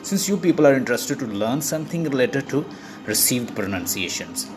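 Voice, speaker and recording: A man teaching an online lesson, restating each point in several ways and often pausing on "uh" and "you know". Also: medium pitch, expressive, over music. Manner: explains by repeating points, with many fillers like uh and you know. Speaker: English teacher. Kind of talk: online lecture.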